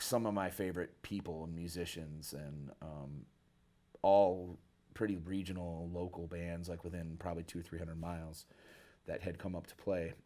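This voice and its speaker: A man from Michigan, a guest musician, telling a story casually in an interview, animated and loose with slang. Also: sits low. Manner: animated, acts out quoted people with a raised voice, casual slang. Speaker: guest musician, bass player.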